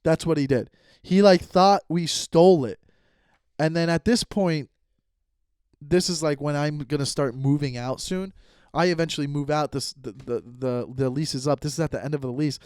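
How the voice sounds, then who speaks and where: A man's voice: a little high, moderate pace, darkish tone, clean tone, dry recording, studio quality. A young man hosting his own podcast from home, telling stories in a casual, profane, rambling way with lots of restarts and sudden outbursts. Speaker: comedian podcast host. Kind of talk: casual solo podcast storytelling.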